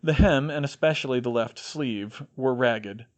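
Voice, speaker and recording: A man narrating a fan fiction audiobook in an expressive reading voice. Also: mid-range voice, measured pace. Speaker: audiobook reader.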